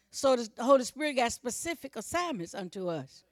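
A woman's voice: fairly high pitch, sing-song, normal speed, dry recording, clean studio sound. A woman preacher delivering a sermon, fervent and colloquial, calling out exclamations and speaking straight to her congregation. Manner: fervent, calls out exclamations between points.

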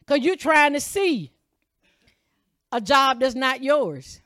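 A woman's voice: big pitch swings, slow, long pauses, no echo. Fiery preaching woman, dry close sound. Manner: impassioned preaching, swings from loud calls to low asides; reads scripture aloud and comments between verses. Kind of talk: sermon.

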